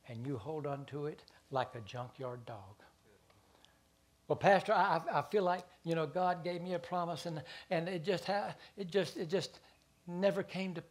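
A pastor preaches a sermon in a slightly high voice, stammering into repeated words. He shifts between quiet asides and loud stretches.

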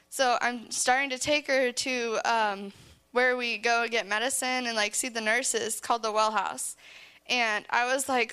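A woman's voice: on the high side, fairly even intonation, normal speed, sharp tone, clean tone. A teenage girl giving an earnest personal testimony about camp to a church audience, often saying "like" and laughing between phrases. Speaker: speaker sharing a camp testimony.

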